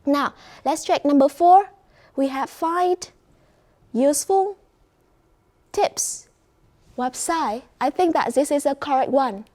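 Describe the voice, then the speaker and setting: A woman with a Vietnamese accent, teaching a class in a high, bright voice. She speaks slowly and carefully, encouraging her students as she goes through each point. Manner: slow, clear, encouraging classroom delivery. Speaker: English teacher.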